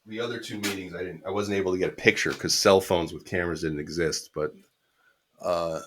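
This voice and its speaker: Deep-voiced man telling a story. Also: fairly even intonation, brisk, a little hiss or hum. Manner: storytelling, quotes people, swears casually. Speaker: guest musician. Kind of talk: casual anecdote telling.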